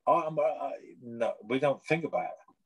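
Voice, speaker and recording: A middle-aged man from England, chatting as a guest in a lively, animated way, swearing freely and acting out gym conversations. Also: medium pitch, moderate pace, breathy edge, low-quality recording. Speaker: guest artist. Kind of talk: casual chat.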